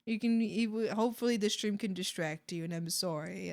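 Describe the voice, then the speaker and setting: A young Canadian woman with a Canadian accent chats casually with viewers while drawing on stream. She rambles, giggles and scolds her viewers playfully, often breaking into shouts. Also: medium pitch, brisk, creaky. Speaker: art streamer. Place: home streaming setup.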